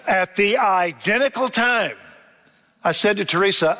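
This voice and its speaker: An older man sits high in pitch, unhurried, with a pushed, bright tone as he preaches in a church sanctuary. The pastor tells folksy stories and acts out quotes, and long church-hall reverb surrounds his voice.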